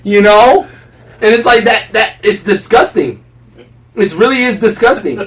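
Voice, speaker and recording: A man's voice: high-pitched, lively intonation, measured pace, distant mic, a little hiss or hum. A man co-hosting a casual talk podcast, earnest and preachy, laughing often as he makes his points. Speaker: podcast co-host. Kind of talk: casual opinion chat.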